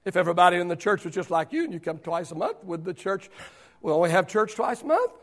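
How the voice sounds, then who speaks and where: A man preaching a sermon as pastor, repeating rhetorical questions, building to shouts and then dropping to a hush. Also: high-pitched, lively intonation, fast talker. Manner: preaching with rising shouts and sudden hushed drops.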